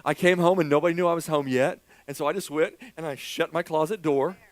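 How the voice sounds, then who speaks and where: A man's voice: on the high side, fairly even intonation, fast, rough recording. A man preaching a sermon as a pastor in church, candid and self-deprecating, joking with his congregation.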